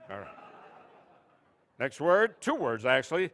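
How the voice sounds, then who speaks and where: A man emceeing a comedy spelling bee, telling jokes and announcing mock quiz words in a deadpan way. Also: sits high, normal speed, smooth. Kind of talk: stand-up comedy routine. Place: stage at a press club event.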